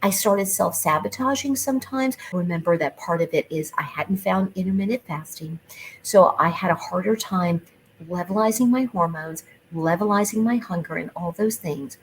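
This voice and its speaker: A middle-aged woman hosting her own podcast, talking chattily with animated emphasis and playful asides. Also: fairly low pitch, normal speed, a little hiss or hum, rough recording. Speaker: podcast host. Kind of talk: solo podcast talk.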